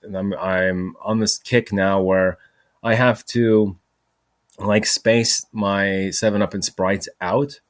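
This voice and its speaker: Rambling low-voiced man. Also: steady tone, slow pace. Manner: rambling, peppered with "freaking" and "like". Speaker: podcast host. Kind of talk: rambling solo monologue. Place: home recording, voice message.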